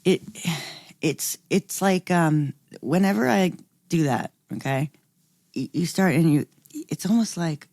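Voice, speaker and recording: Brief: woman co-host, very low voice, dead-dry sound, slow reflective musing. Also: darkish tone, dry recording. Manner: reflective, drawn-out musing with acted inner voices. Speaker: podcast co-host. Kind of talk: casual chat.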